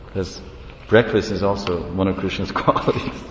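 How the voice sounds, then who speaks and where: A man giving a devotional scripture class, reading passages and retelling stories in an animated way. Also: normal speed, background noise. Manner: storytelling, switches between reading and animated retelling. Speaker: lecturer on scripture. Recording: echoey hall, dull low-fi sound.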